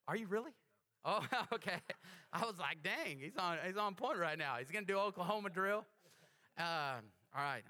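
A man preaching a sermon as pastor, animated, with call-and-response questions to the congregation. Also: on the high side.

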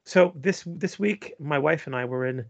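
A man's voice: fairly high pitch, normal speed, vocal fry, dry recording, muffled recording. A man co-hosting a podcast who works as a pediatric ER doctor, joking crudely and rambling. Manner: crude jokes, rambling with fillers. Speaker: pediatric emergency physician and podcast co-host. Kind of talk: casual banter.

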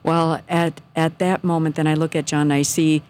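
A woman telling a personal faith story on a radio show, earnest and sometimes hushed. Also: sits low, flat delivery, normal speed, slight background noise. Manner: earnest, drops to a soft hush at moments. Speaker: guest telling her story.

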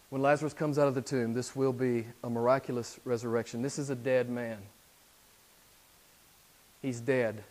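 A man preaching a sermon as pastor, moving between quiet, intense passages and loud exhortations. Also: mid-range voice. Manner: swings from hushed to loud exhortation.

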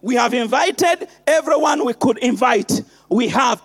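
A male pastor preaching in a church, shouting in sing-song bursts, then dropping to hushed, soft lines. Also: extremely high pitch, animated, unhurried, hardly any pauses, big-room sound. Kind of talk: preaching a sermon. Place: church hall.

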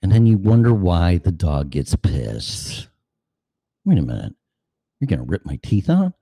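Slow, ranting man with a low voice. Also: very animated, vocal fry, mellow, husky, dry recording. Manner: ranting, sarcastic, profane; acts out voices mid-rant. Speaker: show host. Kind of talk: opinion monologue.

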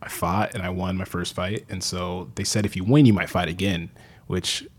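Casual storyteller, low husky male voice, swears a lot. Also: normal speed. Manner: animated, swears freely, acts out quotes. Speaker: guest telling stories.

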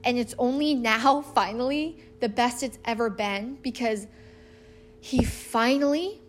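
A woman in her thirties with a slightly high voice tells a personal story in a casual, earnest way. She is animated and acts out the lines she quotes. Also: a little hiss or hum.

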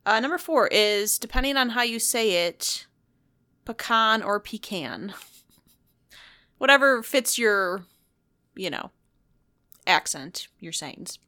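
A woman's voice: a little high, expressive, slow pace, pauses often, bright, forceful tone. A woman co-hosting a casual chat, blunt and opinionated, often laughing.

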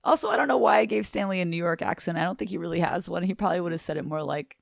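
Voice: mid-range voice, creaky, no echo, studio quality. A co-host of a comic book podcast chatting playfully and joking. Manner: playful, jokey, quick to laugh. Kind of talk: casual chat.

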